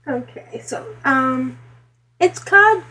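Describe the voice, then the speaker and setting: A woman's voice: high voice, expressive, slow, bright, forceful tone, a little hiss or hum. A woman co-hosting a casual gaming podcast, reading listener emails aloud with giggly asides. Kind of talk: casual chat.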